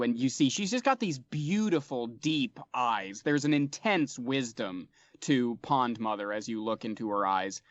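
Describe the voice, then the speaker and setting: A man narrating as game master of a tabletop game, relaxed and full of fillers. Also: medium pitch, no room sound. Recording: dull, dry sound.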